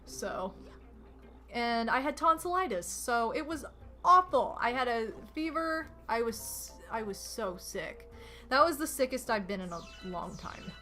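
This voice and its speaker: A young woman streaming a video game from home, chatting casually and telling stories to her viewers in an animated, rambling way. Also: on the high side, measured pace. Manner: chatty, animated storytelling with lots of "like" and laughs. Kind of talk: casual gaming stream chat. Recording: game music faintly behind.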